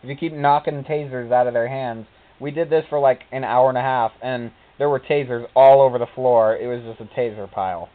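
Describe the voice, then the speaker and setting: A man's voice: mid-range voice, steady tone, a little fast, hardly any pauses. Guy rambling through funny game stories, does goofy quote voices, sounds like a cheap phone line. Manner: rambling storytelling, quoting characters in silly voices. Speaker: gameplay commentator. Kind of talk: casual gameplay commentary. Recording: tinny phone-like recording.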